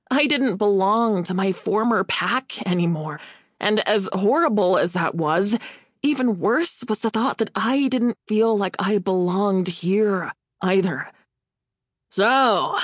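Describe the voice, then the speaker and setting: A woman reading a novel aloud as an audiobook narrator, in a measured, expressive first-person telling on a close studio mic. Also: mid-range voice, dry recording.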